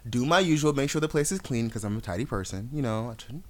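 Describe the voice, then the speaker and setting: A man's voice: mid-range voice, lively intonation, fast talker. A man co-hosting a podcast, telling a story dramatically and acting out the quotes in casual chat. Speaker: podcast co-host.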